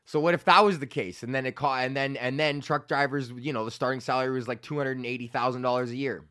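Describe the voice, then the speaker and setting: A man's voice: medium pitch, fairly even intonation, quick pace, sharp tone. A young man hosting a podcast, ranting in a rambling, profane way and often laughing at himself. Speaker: podcast host. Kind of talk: casual ranting monologue.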